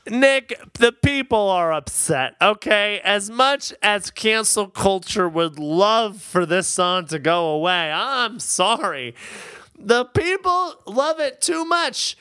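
A man co-hosting a podcast in casual chat, emphatic and animated, laughing often. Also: high voice, slow, smooth, no echo. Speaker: podcast co-host.

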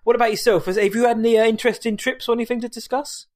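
A man's voice: very high-pitched, little pitch movement, rapid-fire. A man from the UK co-hosting a podcast in a jokey, upbeat way. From United Kingdom. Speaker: podcast co-host. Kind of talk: casual chat.

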